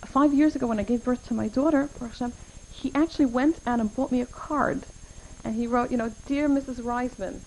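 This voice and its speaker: A woman's voice: fairly high pitch, fast, darkish tone, a little hiss or hum, poor audio. A middle-aged woman giving an earnest talk at a community event, telling personal stories and using Hebrew and Yiddish terms.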